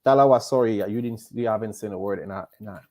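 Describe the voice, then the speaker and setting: A man's voice: lowish voice, fast talker, a little mellow. Guy co-hosting a panel chat, keeps saying you know what i mean. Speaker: podcast co-host. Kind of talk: casual panel discussion.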